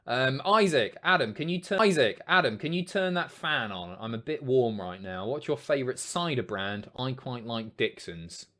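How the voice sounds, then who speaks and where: A man in his thirties hosting a casual livestream, reading chat messages aloud, sweary and rambling, jumping between loud outbursts and mumbles. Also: medium pitch, lively intonation, moderate pace, few pauses.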